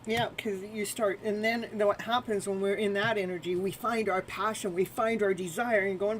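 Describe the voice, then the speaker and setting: A woman's voice: medium pitch, fairly even intonation, normal speed, hardly any pauses, a little hiss or hum, rough recording. A woman hosting a live tarot stream, repeating soothing spiritual phrases and chatting with viewers between cards. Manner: laughs often and chats with viewers.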